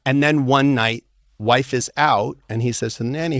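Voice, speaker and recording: Middle-aged man, divorce lawyer type, animated candid storyteller, dry close sound. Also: mid-range voice, moderate pace, no echo. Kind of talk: casual interview storytelling.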